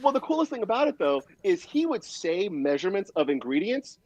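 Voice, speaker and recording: Animated man telling stories, high voice. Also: fairly quick, no room sound, dull audio. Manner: animated storyteller, acts out voices. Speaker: guest drummer. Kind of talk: casual livestream interview.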